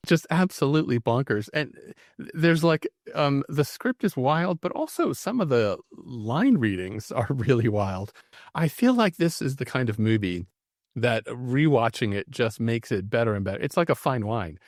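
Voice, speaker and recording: A man's voice: medium pitch, normal speed, no room sound, studio quality. A man co-hosting a podcast, chatting casually and laughing about a bad horror movie. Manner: lively, laughing, animated storytelling. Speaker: podcast co-host. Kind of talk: casual movie review chat.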